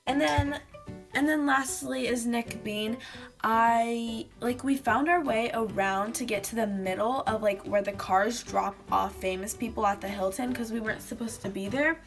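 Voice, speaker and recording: A woman's voice: on the high side, fairly even intonation, moderate pace, soft background music. A woman vlogger chatting casually to camera, rambling with lots of fillers. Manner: rambling, fillers of "like", acts out quotes.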